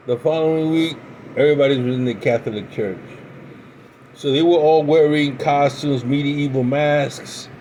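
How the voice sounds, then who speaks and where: A middle-aged American man casually telling a rambling story about his past, halting and restarting often. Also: mid-range voice, darkish tone, a little hiss or hum, poor audio. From United States. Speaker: pipe-smoking vlogger.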